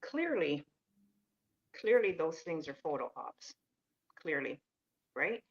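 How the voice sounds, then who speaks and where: Slow-spoken woman on a dull, lo-fi line. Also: low voice, sing-song. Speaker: panel speaker.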